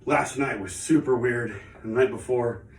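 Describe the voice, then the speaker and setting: Out of breath from exercise, this channel host rambles chattily and mocks himself at a measured pace. His voice is mid-range, and the home studio recording is echoey, with the mic far away.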